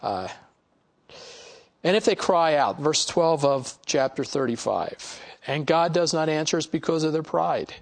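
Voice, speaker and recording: Man, Bible teacher, high voice, reads passages then explains them casually, lots of "you know". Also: lively intonation, measured pace. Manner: conversational, many "you know" asides. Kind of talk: reading scripture aloud and commenting.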